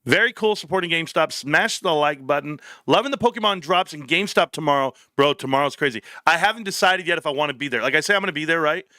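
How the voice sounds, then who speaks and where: A man's voice: a little high, expressive, quick pace, hardly any pauses, pushed and bright, no room sound, clean studio sound. A man hosting a casual live stream, joking, rambling and swearing freely as he talks to viewers by name.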